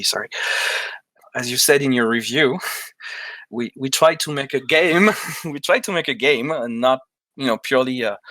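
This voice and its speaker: A man's voice: mid-range voice, gravelly, sharp tone, no room sound. A man with a French accent, a game creator talking carefully and hesitantly in an online interview. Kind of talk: casual video-call interview.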